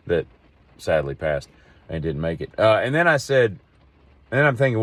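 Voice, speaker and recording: A man's voice: deep voice, animated, brisk. A middle-aged man, talking in a rambling, wry monologue as a podcast host. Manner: digressive storyteller, wry and exasperated.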